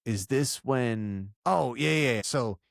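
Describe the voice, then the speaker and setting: A man co-hosting a podcast, recapping an old sitcom episode in a rambling, relaxed way. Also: mid-range voice, slow, creaky, dry recording, clean studio sound. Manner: rambling, relaxed storytelling with fillers. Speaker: podcast co-host. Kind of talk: casual recap chat.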